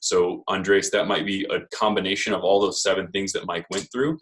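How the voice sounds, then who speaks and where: Male co-coach, very low and flat delivery, steady encouraging advice. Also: moderate pace, poor audio. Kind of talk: coaching feedback.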